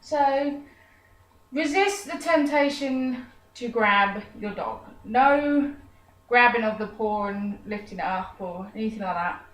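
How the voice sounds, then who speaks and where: A woman's voice: a little high, animated, slow pace, fairly bright tone. A woman teaching a dog trick in a chatty tutorial, breaking off to coo praise at her dog. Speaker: dog trainer. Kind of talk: casual how-to tutorial. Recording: echoey room, voice far from the mic.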